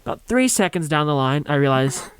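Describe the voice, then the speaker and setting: A man's voice: a little high, lively intonation, fairly quick, smooth, no room sound. A young man telling a rambling, funny story on a college radio show, acting out quotes and laughing along.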